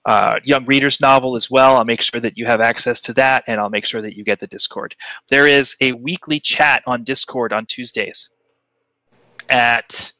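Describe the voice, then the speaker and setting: A man hosting a live stream as game master, narrating a tabletop game in a relaxed, chatty way. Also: medium pitch, no echo, poor audio. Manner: relaxed, chatty, with fillers and restarts.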